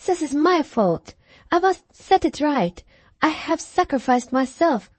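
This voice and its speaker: A frantic young heiress in the grip of hysterics, as a woman narrator puts her on. The voice rides high and shrill, and she pleads and insists with desperate emphasis. The reading is close and dry, with no room sound at all. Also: lively intonation, unhurried, no room sound.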